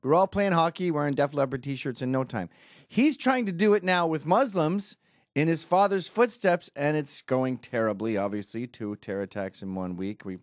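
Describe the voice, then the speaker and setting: A man's voice: mid-range voice, no echo, studio quality. A man from Britain giving a sarcastic, mocking comedic rant over a video clip. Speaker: commentator.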